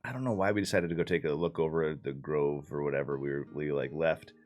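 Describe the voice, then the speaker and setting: Very deep and a little mellow, this man's voice moves fast over soft background music. A player in the campaign, he recaps a tabletop game session loosely, with casual swearing and plenty of fillers.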